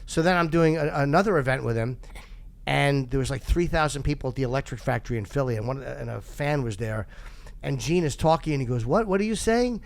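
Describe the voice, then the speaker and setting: A man's voice: medium pitch, animated, brisk, vocal fry. A man hosting a podcast, telling rambling, self-deprecating stories in casual chat and laughing often. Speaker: podcast host.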